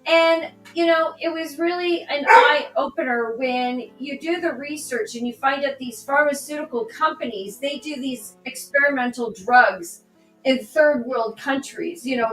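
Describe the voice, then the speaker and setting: A woman, a political candidate on a podcast, talking through a personal story in an animated way and acting out the dialogue. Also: sits high, measured pace. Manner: animated, re-enacts dialogue in her stories. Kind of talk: conversational storytelling. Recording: echoey room, distant mic, faint music.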